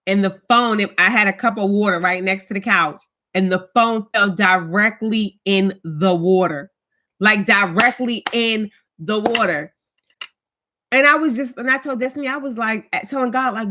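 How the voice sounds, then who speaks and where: In a home live stream, a woman chats with her viewers, spinning stories and calling out commenters by name. Her mid-range voice is bright and forceful, delivered at a normal speed.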